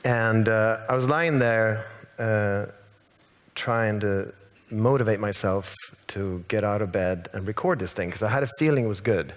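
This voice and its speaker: A man's voice: fairly low pitch, unhurried, big-room sound. A man born in Sweden whose first language is Swedish, a songwriter guest telling a story in a rambling, hesitant way with many restarts. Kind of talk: casual stage interview. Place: large hall on stage.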